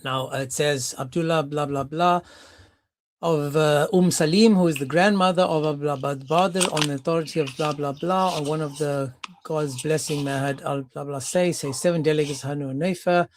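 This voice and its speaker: A man's voice: a little high, fairly even intonation, moderate pace, a little hiss or hum. A man hosting a heated live-stream debate, combative and mocking, often cutting others off. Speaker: debate host.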